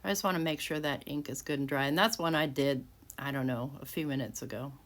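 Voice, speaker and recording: This woman has a low, fairly bright voice and talks briskly. She's in her home craft room describing every step of a handmade card in a laid-back tutorial, frequently starting over mid-thought.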